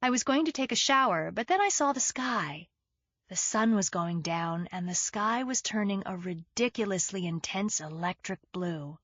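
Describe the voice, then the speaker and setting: A woman's voice: medium pitch, animated, moderate pace, fairly bright tone, soft background music. A woman narrating a thriller audiobook in the first person, in a wry, sardonic storytelling manner.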